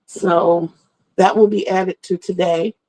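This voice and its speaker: A middle-aged woman hosts a livestream, greeting viewers and chatting in a rambling, storytelling way. Her lowish voice is steady, slow and a little mellow, and the recording is rough.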